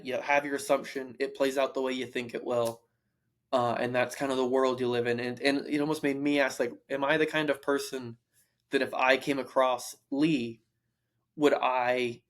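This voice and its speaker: A young man talks through a novel on his podcast in a loose stream of consciousness. He circles back, restarts his sentences and leans on fillers as he goes. His voice sits at an ordinary pitch for a man. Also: flat delivery, normal speed, fairly bright tone. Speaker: podcast co-host. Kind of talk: casual book discussion.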